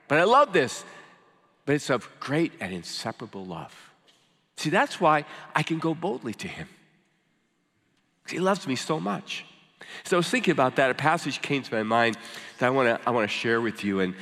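A man of middle pitch preaching, moving from emphatic declarations to quiet, drawn-out scripture reading. His voice carries the long reverb of a large hall. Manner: swings from loud emphasis to hushed, slow scripture reading. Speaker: pastor. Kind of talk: sermon.

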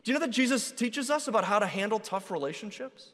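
High-voiced pastor in a reverberant hall. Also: male voice, lively intonation, quick pace, a bit bright. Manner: conversational storytelling, acts out quoted voices. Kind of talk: sermon with personal story.

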